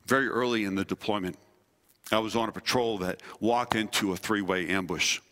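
A man, a pastor and former army chaplain, preaching a sermon with earnest delivery, slowing and dropping low on key phrases. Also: a bit bright. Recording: long hall reverb.

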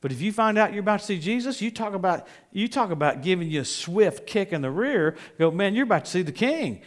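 Animated preacher, loud then hushed. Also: male voice, sits high, quick pace. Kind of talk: sermon.

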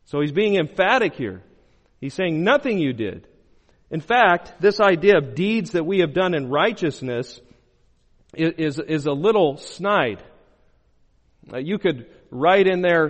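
A man preaching a sermon as pastor, moving between loud emphatic bursts and low, quiet phrases. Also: lively intonation, normal speed. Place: church sanctuary. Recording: long hall reverb.

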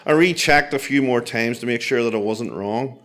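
A man telling a comic personal story with dry, self-mocking, deadpan asides. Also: mid-range voice, normal speed.

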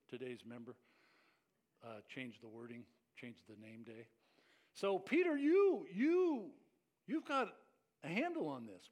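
A male pastor preaching a sermon, acting out the lines he quotes, often restarting words. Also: sits high.

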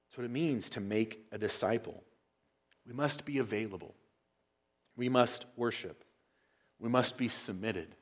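A male pastor preaching a sermon in a church, moving from quiet, low passages to loud, emphatic ones. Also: a little slow, pauses often. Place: church sanctuary.

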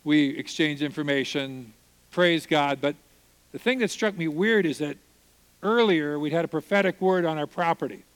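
A man telling a personal testimony as a sermon, acting out the people he quotes and swinging from loud praise to hushed, tearful moments. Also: fairly high pitch, normal speed, clear, resonant tone. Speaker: preacher. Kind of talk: sermon storytelling.

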